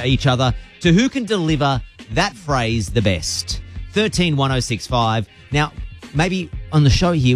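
A man hosting a radio show, upbeat and chatty, his pitch swinging widely as he jokes with callers. He sits at a middle pitch and keeps the talk lively.

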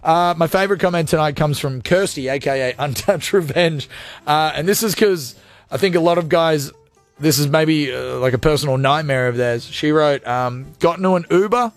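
A male radio host with a high-pitched voice chats casually and reads out listener comments. His delivery is animated and jokey, quick to laugh. Faint music plays underneath him. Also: no echo.

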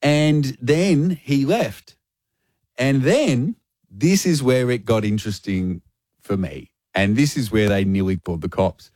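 A man's voice: mid-range voice, unhurried, no room sound. A male radio host telling a funny story in casual chat, laughing often and acting out the people in it. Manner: animated, laughs a lot, voices people in his stories.

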